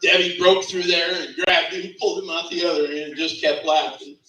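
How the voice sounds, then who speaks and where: High bright-voiced man telling funeral stories. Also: flat delivery, brisk. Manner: rambling, laughing through stories, self-correcting. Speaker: eulogy speaker. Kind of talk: funeral eulogy storytelling. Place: funeral service venue. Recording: echoey room, distant mic.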